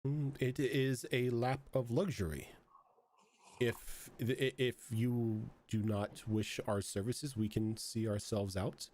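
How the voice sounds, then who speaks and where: A man voicing an emotionless female bathhouse servant who speaks in a flat, formal monotone. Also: mid-range voice, slow.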